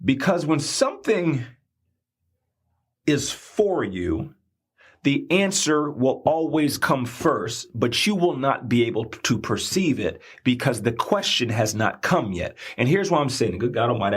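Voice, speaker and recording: A man's voice: medium pitch, normal speed, slightly rough. A man hosting a motivational podcast, telling a personal story in a preachy style. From not from Indiana. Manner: preachy, storytelling with animated rises. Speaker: podcast host.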